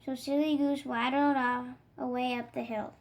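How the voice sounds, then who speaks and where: A woman with a high voice reads a children's picture book aloud. Her telling is gentle and expressive, the way a bedtime story is read. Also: normal speed, low-quality recording. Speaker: storybook reader.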